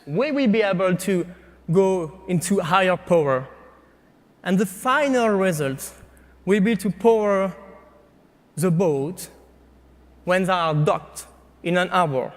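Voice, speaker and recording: A man with a French accent giving a startup pitch to an audience, speaking haltingly with frequent fillers and restarts. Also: big-room sound. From France. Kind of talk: competition pitch presentation.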